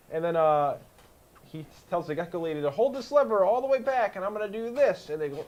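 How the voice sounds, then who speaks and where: A young man recaps an episode on a casual podcast, his voice sitting a little high. He tells it animatedly, dropping in silly voices and sound effects as he goes. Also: a little fast, darkish tone. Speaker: podcast co-host. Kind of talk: casual chat, recapping a show.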